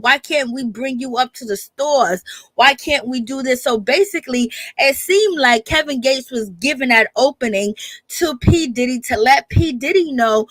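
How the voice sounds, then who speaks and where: A woman's voice: sits high, fairly bright tone, no room sound. A woman hosting a casual gossip livestream, chatty and opinionated, greeting viewers from the chat and calling them baby and girl. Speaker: host of a celebrity gossip livestream. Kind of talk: casual gossip commentary, reading live chat.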